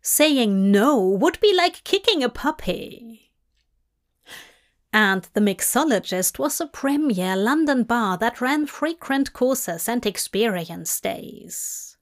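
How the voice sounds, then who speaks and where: A woman narrating a fanfic in a slow, measured reading. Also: on the high side, expressive. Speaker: fanfic reader. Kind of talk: scripted narration.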